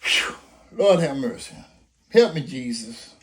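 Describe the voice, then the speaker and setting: A man's voice: medium pitch, animated, slow, fairly bright tone. An older man making an impassioned, preacher-like appeal, full of rhetorical questions and story scenarios. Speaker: grandfather urging people to vote.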